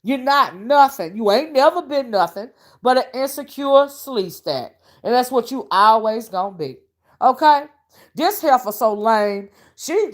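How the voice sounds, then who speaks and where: A woman hosting a casual live-stream commentary, sassy and mocking as she rants and greets her chat. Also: high-pitched. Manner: greets chat viewers mid-rant. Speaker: online commentary host.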